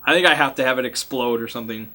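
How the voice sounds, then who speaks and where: A man's voice: medium pitch, racing, pushed and bright. A man acting as game master, casually recapping a tabletop game session in a chatty way. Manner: chatty, acts out sound effects and lines, laughs.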